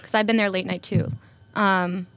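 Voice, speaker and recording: A woman's voice: medium pitch, steady tone, normal speed, fairly bright tone, dry recording. A young woman chatting casually as a podcast host, upbeat, with filler words. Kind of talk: casual chat.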